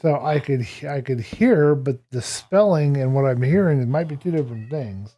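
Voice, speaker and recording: A man's voice: medium pitch, animated, normal speed, warm tone. A man streaming a building game, chatting casually to his viewers and to the game's characters and chuckling often. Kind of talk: casual gameplay commentary.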